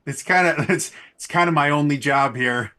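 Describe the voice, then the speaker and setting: A man running a tabletop game as game master, narrating the story in a halting way, with many restarts and fillers. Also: on the high side, sharp tone, smooth.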